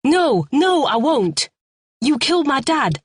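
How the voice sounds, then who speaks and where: A man's voice: normal speed, dry recording, studio quality, close to an everyday voice. A woman voicing a cornered, volatile young male kidnapper who shrieks and swears in panic. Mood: shrill panic. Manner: shrill, frantic, swearing. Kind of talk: audiobook character voice.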